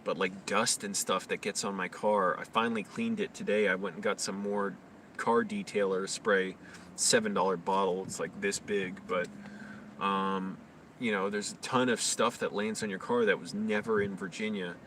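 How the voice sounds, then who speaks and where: A man's voice: on the low side, steady tone, moderate pace, a bit bright. Brief: rambling male live-streamer, casual chat, slightly distant mic with faint noise. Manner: rambling, loose talk full of fillers.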